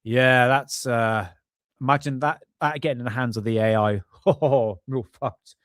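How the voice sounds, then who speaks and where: A man's voice: mid-range voice, steady tone, unhurried, fairly bright tone, dry recording, studio quality. A man casually hosting a live stream, rambling, apologizing often and swearing offhandedly. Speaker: livestream host.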